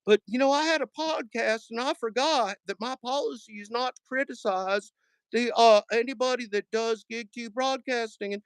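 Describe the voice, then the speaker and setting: A man's voice: extremely high pitch, clean tone, no room sound, voice pushed up, low-quality recording. A man mocking a folksy, smarmy male podcaster with a hick drawl and lots of "ain't". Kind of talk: mocking impression on a live stream.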